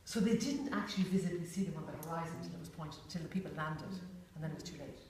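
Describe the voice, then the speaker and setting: Teaching a workshop in a large, reverberant room, this woman speaks fast in a low, darkish voice. She's casual and talkative, dropping many "you know"s and performing little character voices for the group. The recording comes from a room mic far off, so it's echoey with a faint hiss.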